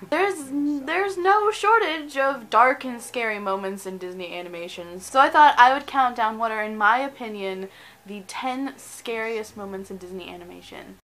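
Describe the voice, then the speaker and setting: Chatty young woman hosting a countdown vlog, bright voice, giggly. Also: a little high, poor audio. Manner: chatty and animated, giggles between points. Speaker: video host.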